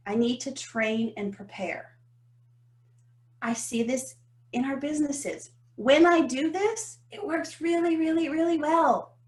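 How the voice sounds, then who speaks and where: A woman, co-hosting a podcast and telling a story about business in an animated, emphatic way. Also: fairly high pitch. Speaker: podcast co-host. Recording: roomy echo.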